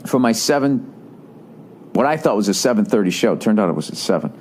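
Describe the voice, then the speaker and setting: A man hosting a podcast, telling a rambling comic story with animated, profane ranting. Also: fairly low pitch, a little fast. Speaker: podcast host.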